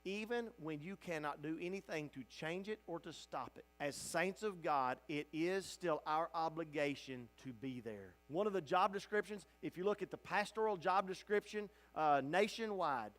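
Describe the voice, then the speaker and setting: A man preaching as a pastor at a church Bible study, passionate, swinging from loud cries to hushed, tender lines. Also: on the high side, lively intonation, normal speed, hardly any pauses. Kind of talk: teaching sermon at a Bible study. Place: church sanctuary.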